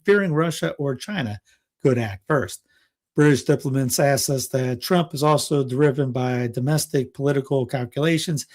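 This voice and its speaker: A man's voice: fairly high pitch, a little mellow. A man hosting a casual political news rundown, reading headlines aloud and breaking off into sarcastic asides with small chuckles and restarts. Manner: frequent restarts and filler words. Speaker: political commentary host.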